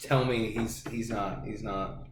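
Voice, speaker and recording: A young man with a fairly low voice trading jokey, insistent banter on a podcast. He is some way from the mic in a roomy, echoing space, and a clear background noise runs under him. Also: steady tone, unhurried. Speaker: podcast co-host. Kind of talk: casual podcast chat. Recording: echoey room, distant mic, noise.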